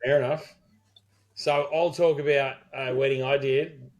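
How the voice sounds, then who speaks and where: A man's voice: mid-range voice, steady tone, measured pace. Chatty Australian man telling a story. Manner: swearing, rambling anecdote with quoted dialogue. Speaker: podcast co-host and wedding celebrant. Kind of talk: casual storytelling chat.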